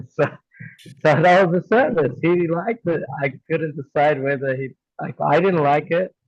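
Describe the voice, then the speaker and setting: A man's voice: on the high side, big pitch swings, slow, pauses often, husky, dry recording. A man from Australia sharing a story in a casual class discussion, rambling loosely with lots of filler words. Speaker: devotee sharing experience. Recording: slightly dull lo-fi audio.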